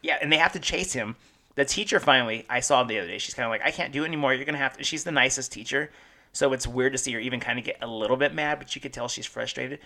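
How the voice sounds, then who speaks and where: A man's voice: mid-range voice, fast, pushed and bright. A man in his thirties co-hosting a casual chat show, telling jokey stories and acting out what people said. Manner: joking storyteller, acts out quotes. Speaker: podcast co-host.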